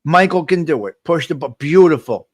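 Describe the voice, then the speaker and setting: A man's voice: a little high, animated, moderate pace, no echo, clean studio sound. A man hosting a live morning coffee chat, talking straight to his viewers in a motivational, repetitive way and reading out their comments. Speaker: livestream host.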